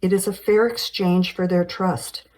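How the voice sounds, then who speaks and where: A woman's voice: lowish voice, steady tone, a little slow, darkish tone, lightly acted. A woman reading a teasing woman doctor in her forties. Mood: formal. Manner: teasing, skeptical.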